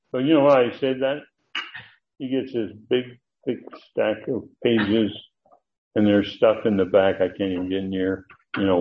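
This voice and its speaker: An older man teaching a verse-by-verse Bible lesson, halting with many fillers and sudden emphatic rises. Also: lowish voice. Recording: tinny phone-like recording.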